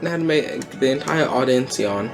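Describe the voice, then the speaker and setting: A woman's voice: rumbling low, expressive, unhurried, over music. A woman hosting a gameplay video, playful and giggly as she reads character lines aloud. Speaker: host. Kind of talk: casual gameplay commentary.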